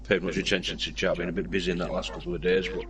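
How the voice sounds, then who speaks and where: A man's voice: low-pitched, flat delivery, racing, a bit bright, distant mic, a little hiss or hum. A man co-commentating an online sim race, laid-back and candid in his opinions.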